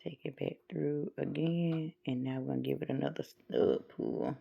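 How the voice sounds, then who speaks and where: A woman's voice: sits low, fairly even intonation, normal speed, creaky, breathy edge, lo-fi sound. A middle-aged woman hosting a casual how-to craft tutorial, chatting and talking herself through each step as she works.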